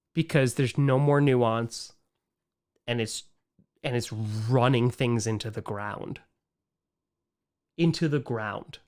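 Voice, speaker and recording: Streamer guy doing viewer q&a, rants a lot, goes loud and hyped then quiet and tired. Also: medium pitch. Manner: animated, swings from excited outbursts to quiet, weary muttering; ranting, frustrated. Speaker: livestream host answering viewer questions. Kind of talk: casual live-stream chat.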